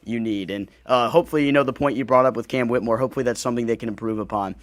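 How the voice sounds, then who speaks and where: A man's voice: medium pitch, racing, dry recording. A man hosting a sports podcast in a friendly, easygoing chat. His voice sits mid-range and is recorded dry and close. He agrees readily and keeps the talk loose. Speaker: podcast host.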